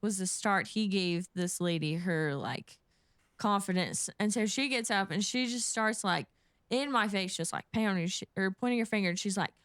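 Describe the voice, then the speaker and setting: Fast-talking woman flight attendant telling stories. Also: mid-range voice, dry recording, studio quality. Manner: fast, animated, acts out quotes. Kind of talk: casual podcast storytelling.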